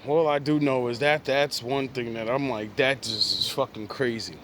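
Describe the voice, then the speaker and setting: A man's voice: medium pitch, normal speed. A man ranting casually to camera in profane slang, laughing often between lines and sounding amused and mocking. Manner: animated, mocking. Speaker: vlogger.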